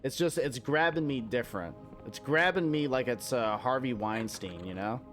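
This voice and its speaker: A man's voice: mid-range voice, normal speed, fairly bright tone, soft background music. A young American man streaming a game, chatting casually in a rambling, profane way and slipping into mock-outraged rants. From United States. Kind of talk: casual gameplay chat.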